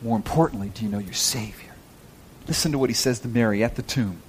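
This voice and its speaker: A man preaching a sermon in church, swinging from hushed, whispered lines to loud, high, fervent reading of scripture. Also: fast talker, a little hiss or hum. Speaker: pastor.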